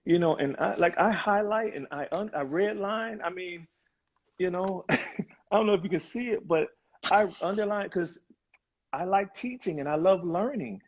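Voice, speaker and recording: A man's voice: high voice, normal speed, husky. A man talking earnestly and reflectively in a casual live conversation, over a video call. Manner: earnest, reflective, with many fillers. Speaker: guest on a live video chat. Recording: muffled, lo-fi video call audio.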